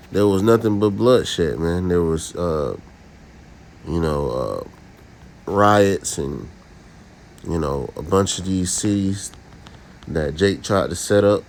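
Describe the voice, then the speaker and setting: A man's voice: deep voice, slow pace, long pauses, slight background noise. A man teaching a scripture lesson in a preachy way, reading verses aloud and checking in with his listeners again and again. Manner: preachy, repeats "all right?".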